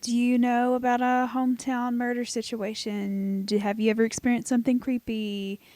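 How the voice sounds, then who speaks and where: A woman's voice: fairly high pitch, flat delivery, moderate pace, warm tone, no echo. A woman co-hosting a casual podcast, chatting playfully and reading a listener's story aloud. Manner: playful, teasing, laughs easily. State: hiccups. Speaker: podcast co-host.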